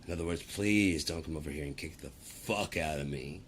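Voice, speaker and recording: A man's voice: extremely low pitch, a little fast, a bit bright, slight background noise. A man ranting in a casual, profane and rambling way, talking to the camera. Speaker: vlogger. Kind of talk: casual rant.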